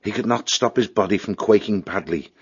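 A man reading a storybook aloud in a steady, expressive voice. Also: fairly low pitch, fairly quick, husky, dry recording, highs cut off. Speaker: narrator. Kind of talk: storybook narration.

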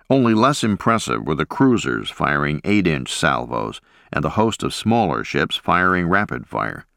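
Deep-voiced man narrating a memoir. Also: fairly bright tone, no echo, studio quality. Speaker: audiobook narrator. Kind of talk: scripted first-person memoir narration.

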